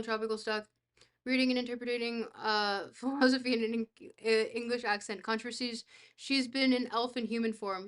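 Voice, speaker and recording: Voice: mid-range voice, fairly bright tone. A young adult streamer in casual chat, reading messages aloud and answering them in a dry, joking, rambling way.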